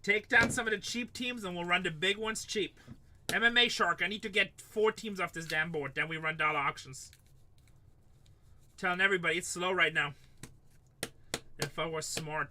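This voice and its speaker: A man's voice: on the high side, normal speed, background noise. A middle-aged man hosting a live card break, rambling and joking, casually swearing as he calls out teams. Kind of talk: livestream sales chat.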